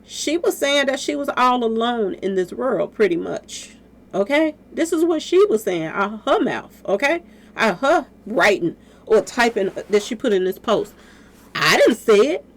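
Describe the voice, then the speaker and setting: A woman's voice: fairly high pitch, expressive, moderate pace. A woman giving casual spoken commentary to her viewers, talking straight at them with lots of rhetorical questions. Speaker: commentary vlogger.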